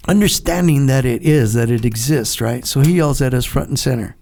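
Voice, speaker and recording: A man in his seventies, a podcast guest, telling stories in a casual, animated way and acting out the people he quotes. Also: medium pitch, brisk, noisy background. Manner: animated, laughs between lines, acts out the people he quotes. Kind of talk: casual storytelling.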